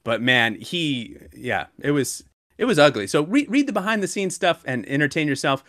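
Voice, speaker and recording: Animated storytelling man, dry sound. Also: a little high, moderate pace, no room sound. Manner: animated storytelling, gets worked up. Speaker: podcast co-host. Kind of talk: casual chat.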